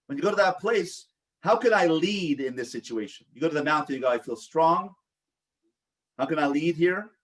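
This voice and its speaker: Rabbi teaching a group, heard from afar. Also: male voice, fairly high pitch, far from the mic. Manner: coaching tone, asks the group questions and acts out replies. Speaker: rabbi leading a support group. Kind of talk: teaching a live online group session.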